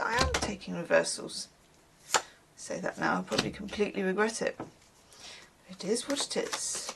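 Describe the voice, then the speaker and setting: A woman in mid-range pitch who talks with a bouncy, lively lilt. She chats casually to camera as a tarot reader, wandering off into tangents and dry little asides. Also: normal speed, gravelly, noisy background. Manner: chatty and rambling, with wry asides.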